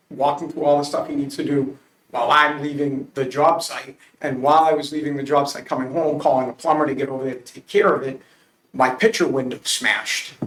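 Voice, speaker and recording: A man's voice: a little high, fairly bright tone, a little hiss or hum. A man from Massachusetts answering a council committee's interview questions, earnest and emphatic, telling stories with frequent restarts. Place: council chamber. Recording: roomy public meeting audio.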